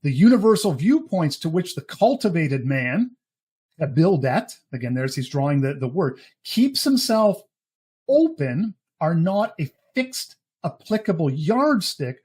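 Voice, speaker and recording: A man reading a philosophy text aloud and pausing to comment on its terms in a measured way. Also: sits high, darkish tone, slightly rough. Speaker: podcast co-host.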